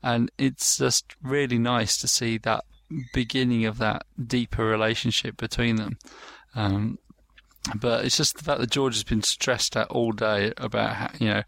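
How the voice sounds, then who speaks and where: A man's voice: mid-range voice, gravelly, a bit bright, no room sound. A man casually talking over a show, rambling with lots of fillers and restarts and acting out quoted lines. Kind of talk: casual chat.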